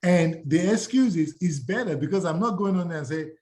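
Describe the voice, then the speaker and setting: A man teaching real estate agents, energetic and acting out sample door-knock pitches. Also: a little fast, few pauses. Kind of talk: live training talk to agents.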